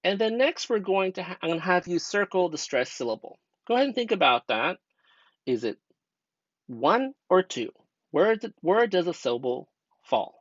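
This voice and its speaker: A young man teaches a grammar lesson step by step, his pitch bouncing up and down as he asks questions to keep the class with him. The voice-over is dry and a little dull, like a cheap home recording. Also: very animated, moderate pace, no room sound. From United States. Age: young adult. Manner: patient, step-by-step teacher talk with rhetorical questions. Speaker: student teacher.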